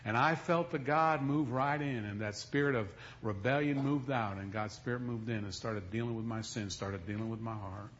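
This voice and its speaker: A middle-aged man preaching a sermon, telling a story with acted quotes, moving from loud to hushed. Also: mid-range voice, normal speed, few pauses, highs cut off, slight background noise. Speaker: pastor.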